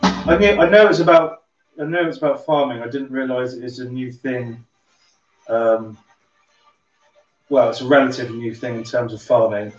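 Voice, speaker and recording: A man's voice: medium pitch, moderate pace, long pauses. A man with a light Somerset twang hosting a casual drink-along livestream, chatting in a rambling way and swearing offhandedly. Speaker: livestream host. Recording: roomy, distant, dull sound with music behind.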